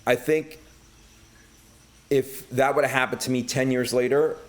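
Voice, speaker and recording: Man, middle-aged, casual podcast guest, swears a lot, plays out quoted voices, mid-range pitch. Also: unhurried. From Brooklyn, New York. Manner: profane, animated, acts out quoted voices. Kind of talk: casual storytelling chat.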